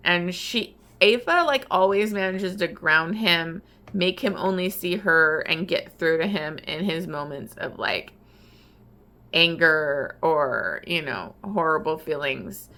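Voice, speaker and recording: Woman booktuber, lower pitch, forceful tone, emotional chatty recap. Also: slow pace. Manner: emotional, heavy use of "like". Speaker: book reviewer. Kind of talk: casual vlog recap.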